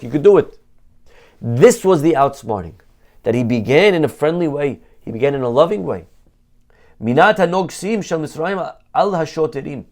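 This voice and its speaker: Rabbi guy teaching, gravelly voice, lively storytelling w hebrew words. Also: on the high side. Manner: animated storytelling peppered with Hebrew terms. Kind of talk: Torah lesson sermon.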